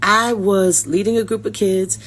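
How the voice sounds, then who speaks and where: A woman's voice: medium pitch, steady tone, a little slow, a bit bright. A woman from Detroit, telling a heartfelt personal story straight to her viewers. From Detroit, USA. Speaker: actress sharing a personal story. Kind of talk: casual inspirational storytelling.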